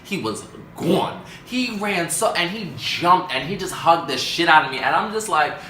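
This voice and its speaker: A young man telling a storytime vlog, dramatic and animated, acting out quotes with big jumps in pitch. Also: moderate pace, reverberant, slight background noise, low-quality recording. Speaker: vlogger.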